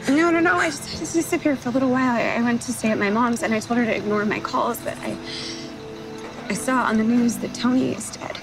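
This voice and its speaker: An actress plays a frightened young woman in a TV drama, her slightly high voice hushed and rushed. She stumbles over her words, and a clear musical score plays under her. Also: over music, lightly acted, rough recording. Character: frightened young woman who fled a killer.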